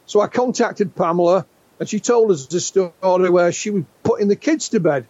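A man's voice: sits high, expressive, normal speed, dark tone, no echo. An Englishman in his sixties, a UFO researcher interviewed as a guest, telling stories animatedly with frequent restarts. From England. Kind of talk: conversational storytelling interview. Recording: dull lo-fi dry sound.

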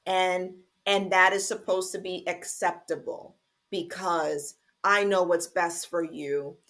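A woman hosting a faith-based podcast, talking earnestly and deliberately to fathers, with some fillers and restarts. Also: fairly low pitch, fairly bright tone. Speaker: podcast host.

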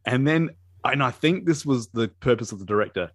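A man's voice: medium pitch, animated, a little fast, a bit bright, no room sound, clean studio sound. A man co-hosting a casual movie commentary chat, rambling with lots of fillers, restarts and laughter. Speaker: podcast co-host.

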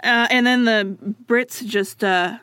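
A woman's voice: fairly high pitch, a bit bright, clear, resonant tone, no echo, clean studio sound. Joking woman telling a story to a friend. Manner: quick, joking, drops into silly voices. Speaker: podcast co-host telling a history story. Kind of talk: casual storytelling chat.

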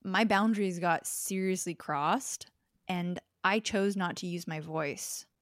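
A woman's voice: lowish voice, takes it slowly, no room sound. Thoughtful young woman, dry close sound. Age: young adult. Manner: thoughtful, explains with examples. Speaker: podcast guest. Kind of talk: reflective podcast conversation.

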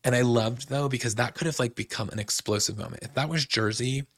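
A man's voice: mid-range voice, fairly quick, a bit bright, no echo, clean studio sound. A male podcast host in a casual recap chat, rambling with lots of "like"s and restarts. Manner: chatty, many "like"s and restarts.

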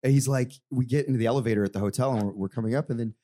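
A man's voice: medium pitch, rapid-fire, mellow. A man co-hosting a live podcast who teases his co-host and acts out quotes in put-on voices. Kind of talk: casual banter on a live podcast.

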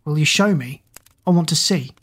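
A woman's voice: low voice, normal speed, slightly rough. A woman voicing a frightened young male prince trapped in a tiny doll body, speaking in an anxious, earnest way.

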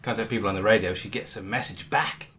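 A man's voice: fairly low pitch, steady tone, fast, fairly bright tone. A man co-hosting a podcast, telling a made-up film plot in playful, laughing, stumbling casual chat. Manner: playful storytelling, laughs often, stumbles over words. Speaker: podcast co-host. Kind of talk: casual comedic brainstorming chat.

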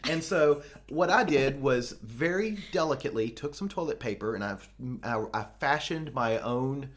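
A man rambles through a crude story in casual podcast chat, joking as he goes. His pitch swings widely, rising and falling with the telling. He sits in the middle of the male range. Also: lively intonation, moderate pace, slight background noise. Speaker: podcast co-host.

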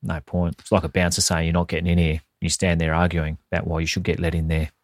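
A man's voice: deep voice, monotone, fast, dry recording. An Australian man hosting a podcast in casual comedic chat, with dry, wisecracking remarks and free swearing. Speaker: podcast host.

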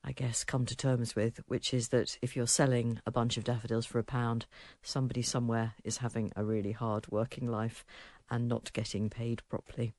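A woman's voice: extremely low pitch, flat delivery, normal speed, few pauses, a little mellow, no echo. A woman co-hosting a radio show in casual chat, wry and talkative. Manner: chatty, wry, reads listener emails aloud. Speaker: radio host.

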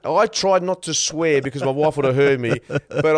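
An Australian man co-hosting a podcast, an animated storyteller who laughs often in casual chat. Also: on the high side, moderate pace, no echo. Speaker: podcast co-host.

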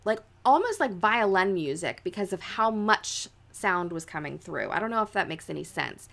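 A woman's voice: mid-range voice, sing-song, moderate pace, vocal fry, fairly bright tone. A young adult woman co-hosting a podcast, telling a ghost story in a casual, chatty way, full of "like" fillers and dramatic quoted voices. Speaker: podcast co-host.

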